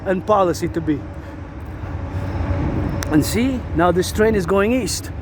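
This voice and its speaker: A man's voice: sits high, expressive, unhurried, noisy background. A man from Quebec rambling in a monologue outdoors near a road and railway, repeating words and phrases over and over like a chant. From Quebec, Canada. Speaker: vlogger.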